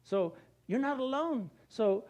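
A man's voice: very high-pitched, expressive, slow, darkish tone, dull audio. A man preaching a conversational sermon, breaking into acted-out voices and chuckles. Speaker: pastor.

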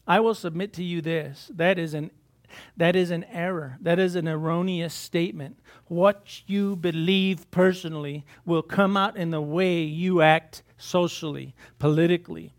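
A man's voice: a little high, steady tone, normal speed. Man preaching conversationally. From United States. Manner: conversational preaching with asides and repeated words. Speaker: pastor. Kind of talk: sermon.

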